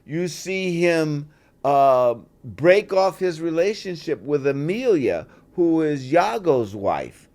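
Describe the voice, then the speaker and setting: Unhurried and pitched on the high side, this older male guest actor shares stories during a casual interview. He brings them to life animatedly, playing out the conversations in voices.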